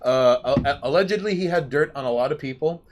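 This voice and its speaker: A man's voice: on the high side, a little fast. A man co-hosting a casual chat show. He rambles and stumbles over his words. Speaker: podcast co-host.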